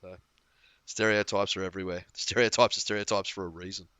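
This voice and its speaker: A man tells a rambling story, swearing freely and laughing along the way. His voice has a bright, forward edge and sits a little low. The sound is dry and close, with no room around it. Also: little pitch movement, fairly quick, clear, resonant tone, no room sound. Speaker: podcast co-host. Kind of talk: casual chat.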